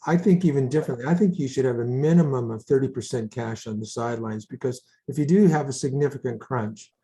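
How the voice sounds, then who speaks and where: An older man co-hosting a casual market chat, giving measured, cautionary advice. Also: medium pitch, mellow. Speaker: co-host.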